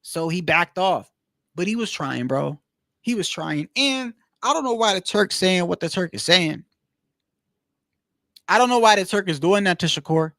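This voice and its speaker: A man's voice: high-pitched, no room sound, clean studio sound. A man giving a casual, swearing opinion rant to his viewers, saying "bro" a lot. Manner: animated, swears often, says "bro" a lot. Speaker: boxing commentator.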